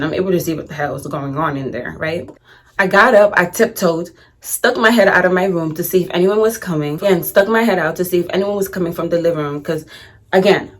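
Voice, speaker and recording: A young woman vlogger telling a funny story in casual, slangy, dramatic fashion. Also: lowish voice. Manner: animated, slangy, dramatic retelling.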